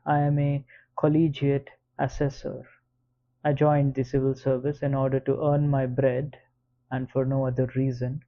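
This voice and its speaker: Flat-voiced man reading an audiobook. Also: mid-range voice. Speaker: audiobook narrator. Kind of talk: scripted audiobook narration. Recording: slightly dull lo-fi recording.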